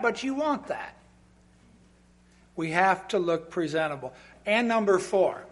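A man preaching a sermon in a church, animated and emphatic, with humorous asides to the congregation that rise into loud outbursts. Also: high-pitched. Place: church sanctuary.

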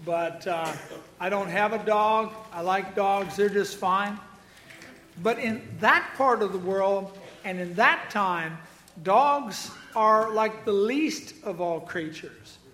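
High-voiced folksy preacher in echoey hall. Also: male voice, takes it slowly, sharp tone, a little hiss or hum. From Iowa. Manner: folksy, joking asides to congregation members. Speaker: pastor. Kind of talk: sermon.

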